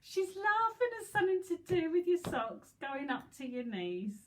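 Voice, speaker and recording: A woman's voice: extremely high pitch, very animated, moderate pace, rough recording. A woman in her fifties from England, chatting and giggling her way through a live psychic reading with rambling asides. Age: 50s. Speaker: psychic medium.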